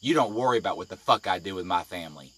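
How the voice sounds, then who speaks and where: A man's voice: deep voice, lively intonation, racing, a bit bright, husky. A man on a live video, ranting angrily and confrontationally with constant swearing. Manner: profane, confrontational, heated. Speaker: live-stream vlogger. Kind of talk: angry live-video rant.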